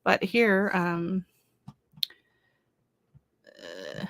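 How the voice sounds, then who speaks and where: With a mid-range, slightly bright voice at a moderate pace, a middle-aged woman from Canada chats casually on her livestream while reading comments. She rambles, using fillers and restarting sentences. The audio has no room sound.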